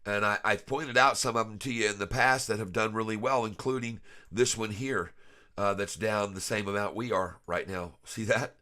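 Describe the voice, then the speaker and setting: A stock trading vlogger with a stuffed-up nose gives casual, folksy screen-share commentary on stock charts, chuckling often. His voice is on the low side, fairly even in intonation, at normal speed, sounding pushed and bright.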